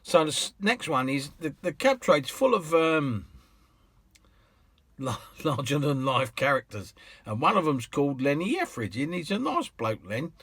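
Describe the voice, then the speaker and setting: Chatty British cab driver telling stories. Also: male voice, a little high, sing-song, measured pace, a bit bright, husky, no room sound. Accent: British English. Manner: chatty, rambling, with restarts and laughs. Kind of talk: casual anecdote storytelling.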